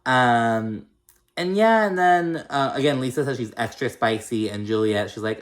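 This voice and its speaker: A man's voice: medium pitch, animated, normal speed. Male recapper, casual and shady, swears freely, loose and filler-heavy delivery. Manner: chatty, profane, shady, full of fillers. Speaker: reality TV recapper.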